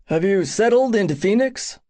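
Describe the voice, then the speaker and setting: A woman's voice: mid-range voice, expressive, normal speed, dark tone, close to an everyday voice. A woman voicing a courteous, formal older male commanding officer in an audiobook. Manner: formal and polite.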